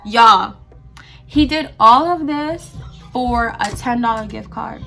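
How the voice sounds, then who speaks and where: A woman's voice: sits high, normal speed, creaky, pushed and bright, faint music behind. A young woman vlogger animatedly telling a storytime while getting ready, acting out the quoted lines. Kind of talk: storytime while doing her hair.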